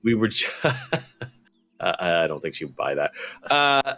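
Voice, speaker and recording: A man's voice: sits low, big pitch swings, measured pace, bright, forceful tone. A man playing a cleric in a tabletop game, joking with friends and slipping into solemn in-character speech. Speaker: player voicing a cleric.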